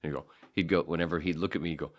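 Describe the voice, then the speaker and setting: A man in his forties hosting a podcast, rambling casually with profane jokes and quick impressions. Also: extremely low pitch, fairly even intonation. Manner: profane, jokey, slips into impressions. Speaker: podcast host.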